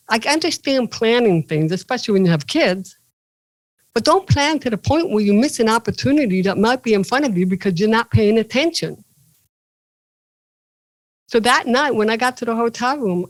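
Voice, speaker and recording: A woman comedian and motivational speaker, a guest in an interview, telling animated stories with playful jokes. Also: on the high side, no room sound, low-quality recording. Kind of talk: casual interview storytelling.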